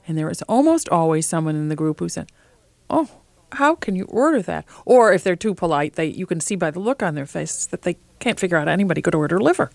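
A woman food writer as an interview guest, telling lively, opinionated stories in casual conversation. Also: lowish voice, fast talker, vocal fry, few pauses, dry recording.

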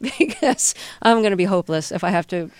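A woman hosting an interview, curious and quick to laugh. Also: mid-range voice, big pitch swings, no room sound. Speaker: radio interviewer. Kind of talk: casual interview.

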